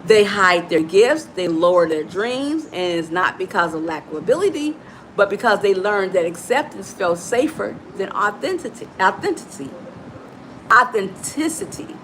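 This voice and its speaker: A middle-aged woman from Chicago, a motivational coach giving an animated, preachy talk straight to her listeners. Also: mid-range voice, moderate pace, slight background noise, low-quality recording. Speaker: motivational coach and podcast host.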